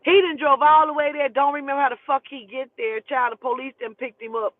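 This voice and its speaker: A woman's voice: high voice, fairly even intonation, fast talker, dry recording. A woman telling a story in a casual, profane and emphatic way. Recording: tinny phone line, dry.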